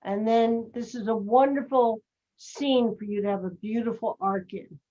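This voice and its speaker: A woman's voice: on the high side, dark tone, lo-fi sound. A woman acting teacher giving direct, explanatory notes to her students over a video call. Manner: direct, explanatory, slow-paced.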